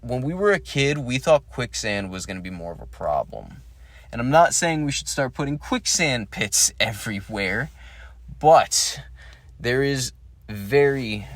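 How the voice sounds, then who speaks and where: A man's voice: lowish voice, fairly bright tone, no echo. Rambling man on a solo podcast. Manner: rambling, searching for words, swears casually. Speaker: podcast host.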